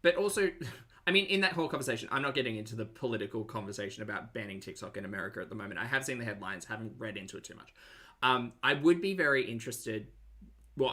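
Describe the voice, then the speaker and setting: A man's voice: mid-range voice, bright, forceful tone. A man with an Australian accent hosting a live-stream reaction, chatty and sarcastic as he reads out viewer messages. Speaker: commentary channel host.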